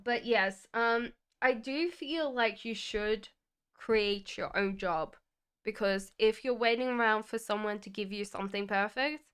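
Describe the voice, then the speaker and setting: Humming as she shuffles cards, a woman hosts a tarot live stream, answering viewers' questions casually and reassuring each by name. She speaks a little slowly in a smooth, slightly bright voice of medium pitch.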